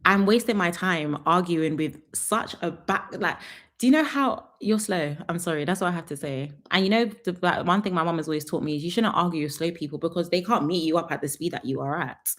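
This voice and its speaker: A woman's voice: on the low side, brisk, fairly bright tone. A young woman, chatting sassily through a live reality TV review and laughing often.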